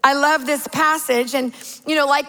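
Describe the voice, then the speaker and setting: A woman in her forties preaching a sermon, telling family stories with animated, playful exaggeration. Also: sits high, normal speed. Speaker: pastor's wife preaching. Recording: long hall reverb.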